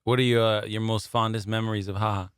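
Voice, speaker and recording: A man's voice: lowish voice, flat delivery, quick pace, smooth, no echo, studio quality. A man co-hosting a comedy podcast, telling rambling stories with lots of laughter and swearing. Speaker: podcast co-host. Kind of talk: casual comedy podcast chat.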